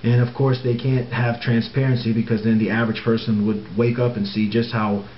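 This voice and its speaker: A man's voice: medium pitch, level tone, brisk. A man talking straight to camera in an emphatic monologue, insisting on his points and repeating words for stress. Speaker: political commentator. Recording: roomy, dull, faint hiss.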